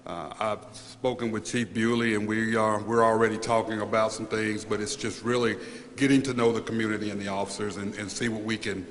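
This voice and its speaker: A man with a somewhat low voice addresses a press event as the new police chief. He talks in halting, earnest bursts, doubling words as emotion catches his throat. His voice carries a long reverb from a large hall, with faint room noise underneath. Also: fairly even intonation. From United States. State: choked up with emotion. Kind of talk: emotional acceptance speech at press conference.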